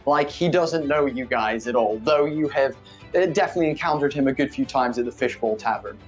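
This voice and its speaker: A man's voice: mid-range voice, brisk, soft background music. A man running a tabletop game as game master, narrating in a casual, hesitant way with fillers.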